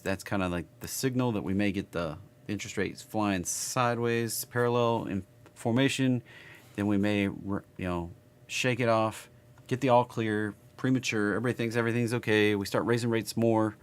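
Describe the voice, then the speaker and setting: A man with a Southern US accent giving casual live market chart commentary, rambling and thinking aloud as he works. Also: lowish voice. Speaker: market analysis streamer.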